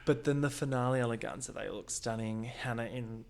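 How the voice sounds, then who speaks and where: A podcast host with a mid-range voice, some vocal fry, and a slightly mellow tone chats casually with a guest, recapping a reality show. He's gossipy and reacts quickly.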